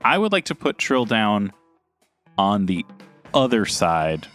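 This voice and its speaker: A man's voice: fairly low pitch, very animated, slow, fairly bright tone, soft background music. A man playing a tabletop game, chatting casually and thinking aloud about his moves. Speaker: player.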